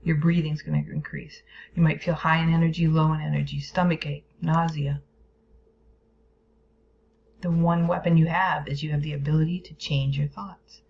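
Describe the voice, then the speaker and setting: Gravelly-voiced woman teaching a lesson. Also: low-pitched, level tone, moderate pace. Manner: explains with playful whispered asides and acted inner voices. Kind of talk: educational video lesson. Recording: dull lo-fi recording.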